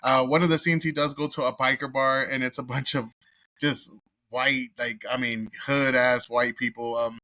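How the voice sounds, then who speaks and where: A man from Texas talks through a film review in a blunt, swear-filled rant. His voice is bright and forceful, and the sound is dry with no room echo. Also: medium pitch, level tone, moderate pace. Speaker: movie reviewer host. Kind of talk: casual profane review rant.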